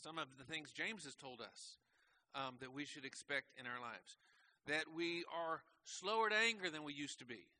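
Bright-voiced male pastor preaching. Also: a little high, normal speed. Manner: conversational preaching with rhetorical questions. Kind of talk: sermon. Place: church.

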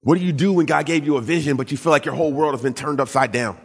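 A man preaching a sermon, telling his story and acting out quoted voices with big swings in pitch. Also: rapid-fire, gravelly, slightly rough, big-room sound. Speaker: pastor.

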